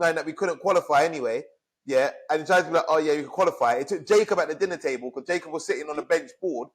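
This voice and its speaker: Fired-up man, fast and high. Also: breathy edge. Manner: angry, swearing, fired up. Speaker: podcast co-host. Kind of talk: heated casual rant.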